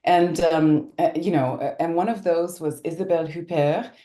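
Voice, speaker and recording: Animated woman telling stories, roomy sound. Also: on the low side, moderate pace. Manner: animated storytelling with many restarts. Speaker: guest actor. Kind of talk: casual interview chat.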